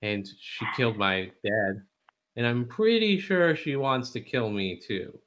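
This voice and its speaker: A man voicing a grim young woman warrior who speaks in a halting, matter-of-fact way. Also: mid-range voice, expressive, fairly bright tone.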